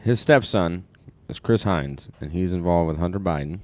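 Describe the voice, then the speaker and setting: Man, co-host, very low pitch, dry close sound, casual political chat. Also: moderate pace, a little mellow, dry recording. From Iowa. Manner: wry, joking asides. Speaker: podcast co-host.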